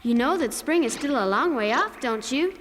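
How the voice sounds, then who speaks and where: A woman voicing a calm, wise female winter creature in a cartoon, speaking in a matter-of-fact, knowing way. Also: high voice, normal speed, slight background noise. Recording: reverberant dub with music score.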